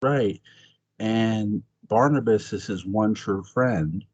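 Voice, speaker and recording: Excitable man, husky lo-fi voice. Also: takes it slowly. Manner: excitable, swings into high-pitched exclamations; swears freely, laughs often. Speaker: podcast host. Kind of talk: casual chat.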